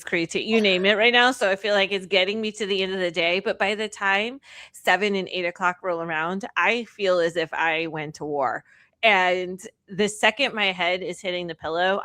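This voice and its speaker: A woman's voice: on the low side, bright, forceful tone, no echo, clean studio sound. A woman co-hosting a podcast, reacting to her co-host with upbeat jokes. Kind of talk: casual chat.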